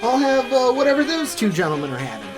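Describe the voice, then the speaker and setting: A man's voice: extremely high pitch, sing-song, fast, music in the background, voice pushed up. A man doing a hesitant bar patron. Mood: unsure. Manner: hesitant, filler-laden.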